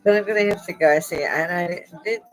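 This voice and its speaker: A woman's voice: fairly low pitch, fast, low-quality recording. A middle-aged woman talking casually to her viewers. She is in pain and close to tears, but keeps laughing and cracking wry, irreverent jokes. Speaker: vlogger hosting her own channel. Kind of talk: casual rambling chat to viewers.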